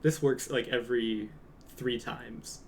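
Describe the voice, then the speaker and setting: A man's voice: mid-range voice, steady tone, slow pace, a little hiss or hum. A young man, a streamer, chatting casually and reading comments aloud with a joking, rambling manner that trails off into mumbles.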